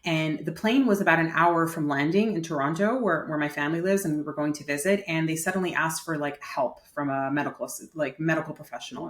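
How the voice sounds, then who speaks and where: Guest nurse coach, woman in her thirties, lower-pitched, chatty with lots of fillers, recorded in an echoey room. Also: fairly quick, few pauses. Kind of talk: casual interview storytelling. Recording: roomy echo.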